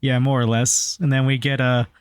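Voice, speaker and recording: A laid-back man talks over a film on a podcast, tossing in trivia and the odd swear word. He speaks at a middling pitch, and the recording is dry and close-miked. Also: normal speed, smooth, dry recording. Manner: relaxed, swears casually, adds trivia. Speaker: podcast co-host. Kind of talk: casual movie review chat.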